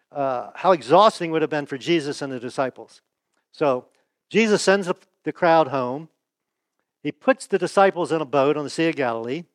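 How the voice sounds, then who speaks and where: A male pastor preaches in a folksy, chatty style, tossing rhetorical questions to the congregation. His voice sits on the higher side for a man and sounds close and dry, with almost no room echo. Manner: asks the audience rhetorical questions; folksy, chuckles and restarts. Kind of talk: conversational sermon.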